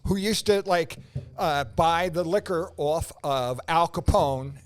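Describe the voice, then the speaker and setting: A man from the area co-hosting a podcast, talking in a halting casual way with many fillers and wry asides. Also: a little high. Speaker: podcast co-host. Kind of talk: casual chat.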